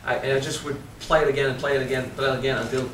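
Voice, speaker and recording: A man in his thirties with a French accent, speaking at a spiritual seminar, frank and animated, swearing casually and drawing out key words. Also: mid-range voice, very fast, reverberant, far from the mic, slight background noise, rough recording. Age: 30s. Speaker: spiritual teacher. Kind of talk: seminar talk.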